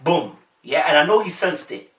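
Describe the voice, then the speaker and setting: Talking directly to viewers in a casual, slang-heavy way, this young man with a London accent gives reaction commentary in a highish, creaky, somewhat bright voice. He is expressive and moderately paced, sounding off-mic and distant in an echoey room.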